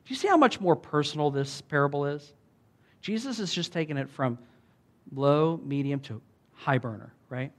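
A man preaching a sermon, telling a parable in a casual way and raising his voice when he reads the quoted lines. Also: fairly quick. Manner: animated, voice rises high when reading quoted lines; casual, many fillers, laughs often. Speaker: pastor.

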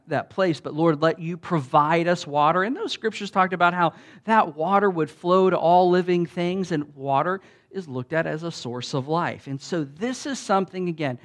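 A man preaching a sermon in a conversational way, with restarts, often rising loud when he quotes. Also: fairly high pitch. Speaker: pastor.

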